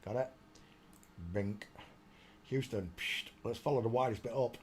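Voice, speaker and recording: A man's voice: medium pitch, fairly even intonation, unhurried, a little mellow. Guy rambling on a live stream, talks to himself, little bit of hiss behind. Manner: chatty, exclaiming, muttering to himself while searching. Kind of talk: casual live-stream commentary.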